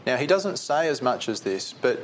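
A man's voice: medium pitch, big pitch swings, normal speed. Guy preaching, chatty, keeps asking the room questions, mid voice, bit of hiss behind. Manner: conversational, asks the listeners questions. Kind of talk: sermon.

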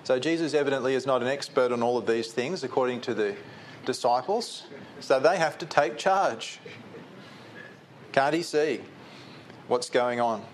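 A man's voice: medium pitch, moderate pace, slight background noise. A man preaching a conversational sermon that keeps putting questions to his listeners.

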